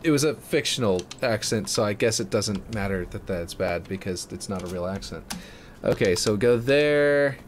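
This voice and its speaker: A man giving casual, rambling commentary as he builds a game map, thinking out loud and correcting himself as he goes. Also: on the low side, lively intonation, moderate pace, slight background noise.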